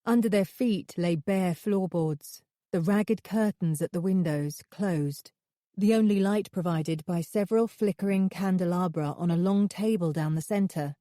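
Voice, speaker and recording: Mellow woman narrating an audiobook. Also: lowish voice, no echo, studio quality. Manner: measured, steady reading.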